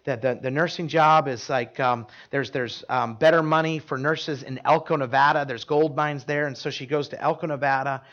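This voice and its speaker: A man's voice: medium pitch, steady tone, moderate pace, few pauses, fairly bright tone, muffled recording. A man preaching a sermon, telling stories in an earnest, emphatic way with frequent restarts. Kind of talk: sermon storytelling.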